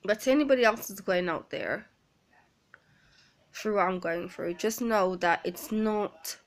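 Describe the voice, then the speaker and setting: A woman speaking earnestly in a personal confessional vlog, pausing often. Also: mid-range voice. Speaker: vlogger.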